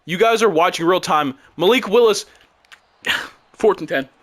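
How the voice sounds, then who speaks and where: A young man commentating his own football video game, frustrated and exasperated, breaking into loud outbursts. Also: high voice, normal speed. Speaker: gaming YouTuber. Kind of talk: live gameplay commentary.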